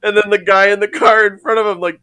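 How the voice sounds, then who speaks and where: A man's voice: sits high, fairly even intonation, quick pace, bright, forceful tone. A man co-hosting a podcast, telling a story in casual chat and acting out the quotes. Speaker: podcast co-host.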